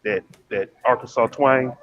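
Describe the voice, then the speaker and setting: A man telling an animated story in a casual chat, heard over a dull lo-fi line. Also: mid-range voice, unhurried.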